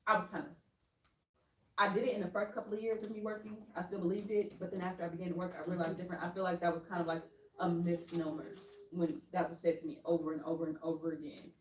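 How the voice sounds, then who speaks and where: Accountant lady on a panel, talks quick and earnest, lowish voice, echoey room. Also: level tone, slight background noise. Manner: earnest, emphatic. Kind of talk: panel discussion, advice. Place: workshop room. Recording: roomy hall from far off.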